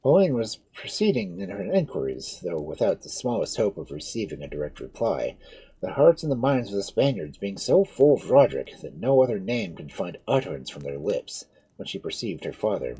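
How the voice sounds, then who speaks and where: Male storyteller with a dark, husky voice and dramatic, widely swinging delivery. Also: low voice, normal speed, rough recording. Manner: dramatic, expressive narration. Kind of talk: reading a novel aloud.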